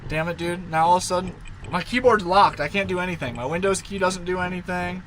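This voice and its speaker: Rambly streamer guy, kinda high voice, coos at his dog, faint hiss behind. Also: quick pace, a bit bright, poor audio. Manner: rambling, talks baby talk to his dog. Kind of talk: casual live stream chat.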